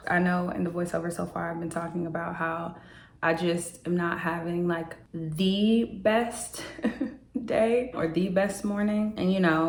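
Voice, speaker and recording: A woman's voice: fairly low pitch, creaky, slight background noise. A young woman vlogging in a casual, candid way, talking through her day and her feelings. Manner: chatty and candid, drifting into teary, laughing asides. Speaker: lifestyle vlogger. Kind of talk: casual voiceover and on-camera vlog.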